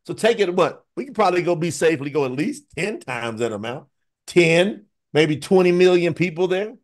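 A man preaching in an online scripture teaching, emphatic and animated, calling out to viewers by name. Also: a little high, normal speed.

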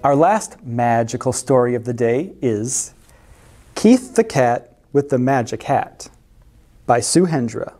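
Slow, expressive woman reading aloud. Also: a bass voice, soft background music. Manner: expressive, storytelling. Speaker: children's librarian. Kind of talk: picture-book read-aloud.

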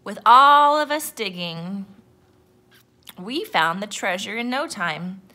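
A woman teacher reading a picture book aloud to children, lively and expressive. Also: mid-range voice, takes it slowly.

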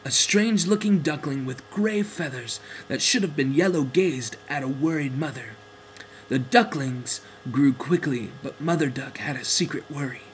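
A man narrating a children's storybook in a gentle, expressive way. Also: a little high, normal speed, slight background noise, poor audio.

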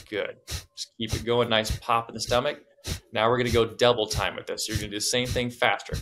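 A man guiding a breathing exercise, calmly coaching and counting breaths aloud. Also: medium pitch, fast talker. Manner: soothing meditative guidance. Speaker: breathwork guide. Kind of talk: guided breathing instruction.

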